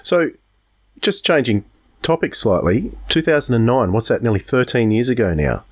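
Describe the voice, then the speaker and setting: A man co-hosting a podcast, chatting in a relaxed way and steering the interview. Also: mid-range voice, normal speed. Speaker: podcast host. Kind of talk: casual interview chat.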